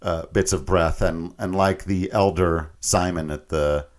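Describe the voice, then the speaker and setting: Deep-voiced guy chatting about a game plot, laughs a lot, does little silly voices. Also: a little slow. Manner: laughing often, animated retelling with mock voices. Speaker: podcast co-host. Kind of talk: casual chat recapping a video game story.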